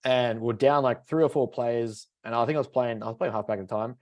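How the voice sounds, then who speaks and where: With medium pitch and a fairly quick delivery, a man co-hosts a podcast, swearing freely while telling animated stories in casual conversation.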